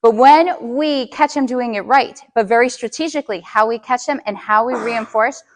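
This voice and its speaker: A woman's voice: a little high, normal speed. A middle-aged woman coaching parents in a live workshop, checking in with the audience with frequent questions.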